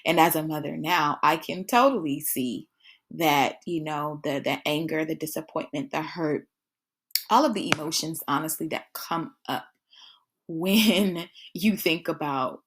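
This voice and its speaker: A woman with a notably low voice hosts her own podcast and tells her personal story. She talks casually and warmly directly to her listeners, calling them y'all and leaning on easy fillers. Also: a little slow, breathy edge. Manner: conversational, addresses listeners as y'all, frequent fillers. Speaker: podcast host.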